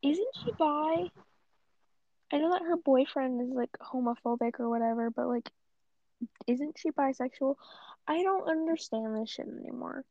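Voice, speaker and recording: A woman's voice: high voice, normal speed, no echo. A young woman ranting casually on her vlog, blunt and profane with lots of rambling asides. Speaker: vlogger. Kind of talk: casual rant. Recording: dull lo-fi dry audio.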